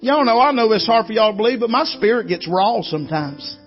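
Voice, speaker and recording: A man's voice: high voice, expressive, a little fast, muffled recording, soft background music. A man, preaching a sermon in a folksy storytelling way and calling out to the congregation. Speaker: guest preacher. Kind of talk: Southern revival sermon.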